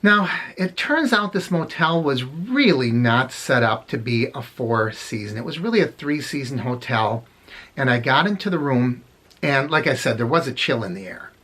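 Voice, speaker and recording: A man's voice: medium pitch, expressive, normal speed, pushed and bright, breathy edge. A middle-aged man casually telling funny anecdotes, rambling and correcting himself as he goes. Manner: rambling, self-correcting, chuckles at his own stories. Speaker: storyteller vlogger.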